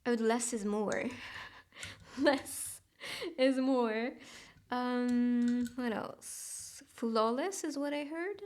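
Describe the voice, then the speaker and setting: A woman's voice: fairly high pitch, slow. Chatty woman giving a tarot reading. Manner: gentle, chatty, laughs often, soft whispered asides. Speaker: tarot reader. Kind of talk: casual tarot reading monologue.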